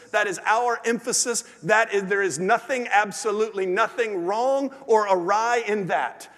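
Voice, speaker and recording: A man preaching a sermon to his church. His delivery swings from lively and loud to low and hushed. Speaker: pastor. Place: large church sanctuary. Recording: long hall reverb.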